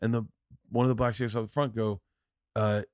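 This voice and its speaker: A man in his forties hosting a podcast, telling stories in a loose, animated way. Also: moderate pace, dry recording, clean studio sound. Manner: animated, jumps into loud high-pitched impressions when quoting. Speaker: podcast host. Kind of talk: casual storytelling chat.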